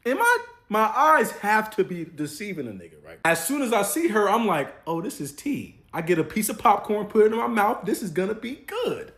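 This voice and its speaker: A young man telling a comedic story in casual slang, acting out the people in it with animated voices. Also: high-pitched, a little fast. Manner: animated, acts out quotes in voices.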